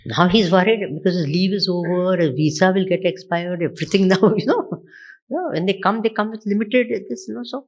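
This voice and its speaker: Woman spiritual teacher, Indian English accent, medium pitch, animated questioning discourse style. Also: brisk, lo-fi sound. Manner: asks the audience repeated rhetorical questions. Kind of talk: Vedanta discourse with questions to listeners.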